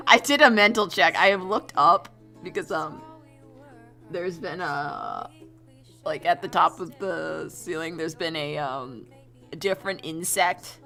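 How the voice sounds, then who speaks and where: A woman's voice: deep voice, creaky, sharp tone. A young woman chatting casually while she draws on stream, rambling, giggling and swearing offhand. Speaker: streamer drawing a storyboard. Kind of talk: casual chat while drawing.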